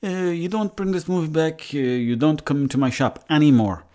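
A man voicing a middle-aged Italian chip shop owner in a put-on Italian accent, halting in broken English. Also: a little high, darkish tone, pitched above the performer's own voice, lightly acted. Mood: reproachful.

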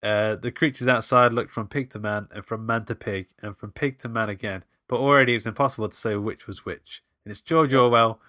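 A man's voice: on the low side, fairly even intonation, fairly quick, few pauses, sharp tone, no room sound, clean studio sound. A man co-hosting a casual podcast, running a playful movie-quote quiz and laughing often. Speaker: podcast co-host. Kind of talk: casual chat, quiz game.

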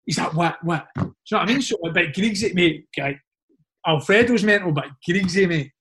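Lively Scottish man telling stories. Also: sits high, a little fast, a little hiss or hum. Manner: animated anecdotes, frequent "mate" and "like". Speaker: former footballer guest. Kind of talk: casual storytelling chat.

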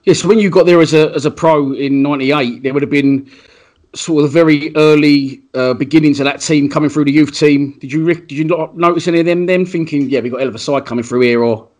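A man asks his questions quickly and in a matey, casual way. His voice sits a little high for a man. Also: steady tone, a little mellow. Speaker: interviewer, podcast host. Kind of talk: casual interview chat.

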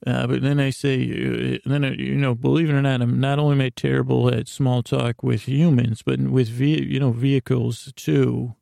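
A man telling a rambling comedic story in a deadpan, awkward way, stammering and correcting himself often. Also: medium pitch, moderate pace, gravelly, hardly any pauses, no echo, studio quality. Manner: stammering, with many restarts and self-corrections.

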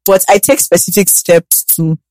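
Woman doctor, lively storyteller. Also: fairly low pitch, moderate pace, no echo. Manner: animated storytelling, emphatic. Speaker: podcast co-host, doctor. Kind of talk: casual chat.

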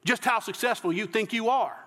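A man's voice: high voice, brisk, bright, forceful tone, voice pushed up. A man voicing a haughty male newspaper reporter who prods and needles in a sneering tone. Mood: haughty, mocking.

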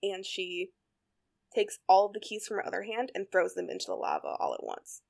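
A woman's voice: medium pitch, fairly quick, gravelly. A woman casually retelling a TV episode with lots of fillers. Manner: animated retelling with many fillers. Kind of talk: casual chat.

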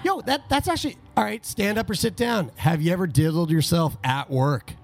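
A man's voice: high voice, expressive, normal speed. A man co-hosting a podcast, cutting in with teasing jokes. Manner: joking, teasing interjections. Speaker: podcast co-host. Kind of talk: casual chat.

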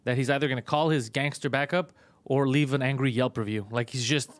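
A man casually telling a story on a podcast, fast, profane and animated. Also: mid-range voice. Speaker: podcast host, comedian.

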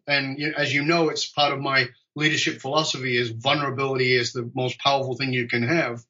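A man telling stories as a podcast guest over a video call, animated and jokey. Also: medium pitch, fairly quick, dull audio. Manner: animated, jokey, acts out quoted dialogue. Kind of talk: conversational storytelling.

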